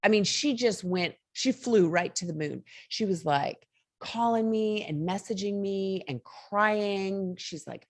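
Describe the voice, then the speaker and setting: A woman's voice: mid-range voice, measured pace, no room sound. A woman hosting a casual motivational talk, candid and a little rambling, laughing often as she talks. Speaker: host.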